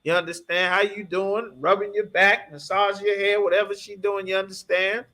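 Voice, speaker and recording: A man preaching through a scripture lesson, emphatic and constantly checking that his listeners follow. His voice sits high for a man, bright and forceful. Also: flat delivery, normal speed. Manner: emphatic, keeps asking "you understand?". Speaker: scripture class teacher.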